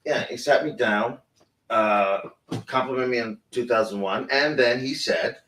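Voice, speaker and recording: An actor playing a hesitant male film director who tells an anecdote in halting bursts, full of restarts and fillers. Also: mid-range voice, a bit bright, a little hiss or hum, close to an everyday voice. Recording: roomy, distant mic.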